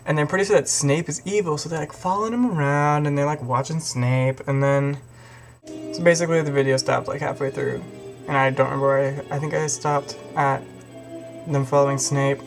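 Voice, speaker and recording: A man's voice: fairly high pitch, fairly even intonation, brisk, soft background music. A young man casually retelling a story in a rambling, profane way. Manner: rambling, profane, lots of fillers. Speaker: video host.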